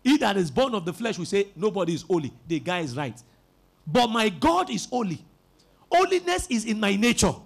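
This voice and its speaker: In a high-pitched, creaky, sing-song voice at normal speed, a man preaches with emphasis. He leads call-and-response, calling on the congregation to repeat after him.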